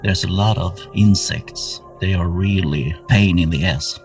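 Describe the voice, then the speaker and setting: A man narrating a horror tabletop game as game master, setting each scene slowly and atmospherically. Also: deep voice, vocal fry. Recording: somewhat distant mic with music underneath.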